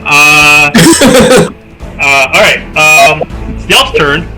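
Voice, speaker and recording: A man's voice: on the high side, sing-song, drawn-out words, over music. A man narrating as dungeon master, chatty and hesitant, with many fillers and restarts. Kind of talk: narrating a tabletop game.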